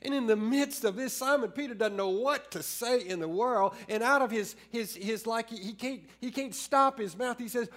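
High-voiced preacher, earnest. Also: male voice, a bit bright. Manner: earnest, with many restarts and shifts between slow emphasis and quick storytelling. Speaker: pastor. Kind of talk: sermon.

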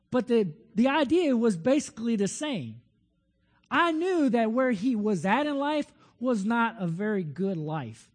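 Man preaching in a long-echo hall. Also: extremely high pitch. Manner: conversational, storytelling with many restarts. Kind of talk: sermon.

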